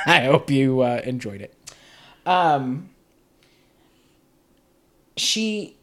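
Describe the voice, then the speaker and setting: A man hosting a podcast, casually reviewing a film in a sarcastic, exasperated way. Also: medium pitch. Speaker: podcast host.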